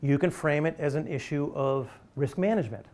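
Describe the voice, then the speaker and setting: A man's voice: on the high side, fairly quick, a little mellow. A man giving a public lecture to an audience, talking in an emphatic, conversational and persuasive way. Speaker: university lecturer.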